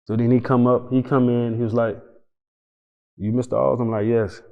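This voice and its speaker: A man's voice: mid-range voice, moderate pace, gravelly. Man telling a story, roomy lo-fi sound. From Tampa, Florida. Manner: animated, acts out dialogue, swears freely. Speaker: interview guest. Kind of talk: casual storytelling interview. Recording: roomy reverb, dull lo-fi sound.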